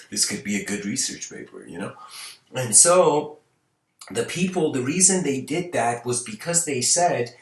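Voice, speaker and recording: A man's voice: medium pitch, animated, unhurried, fairly bright tone. A man who is a spiritual teacher, answering viewer questions in a casual, rambling way with many restarts. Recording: roomy, distant mic.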